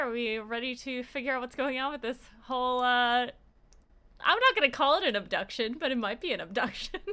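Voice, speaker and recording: A woman's voice: sits high, pushed and bright, clear, resonant tone. A woman hosting a tabletop game stream as game master, giggly as she introduces the players.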